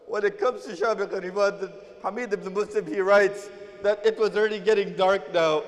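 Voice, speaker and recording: A man's voice: sits high, steady tone, moderate pace, slight background noise. A man preacher giving an impassioned mourning sermon, telling a story and swelling into chanted cries, recorded in a mosque hall. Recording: reverberant hall.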